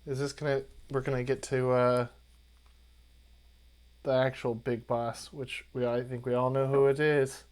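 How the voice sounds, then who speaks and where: A player chatting casually at a game table, asking slow questions. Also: mid-range voice, flat delivery, a little mellow.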